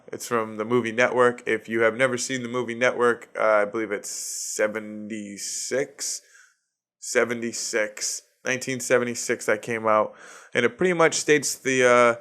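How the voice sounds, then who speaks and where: A man's voice: mid-range voice, fairly bright tone, clear, resonant tone. A man in his thirties with a Boston accent, hosting his own comedy podcast in a profane, ranting solo monologue and laughing at his own jokes. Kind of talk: casual solo podcast rant.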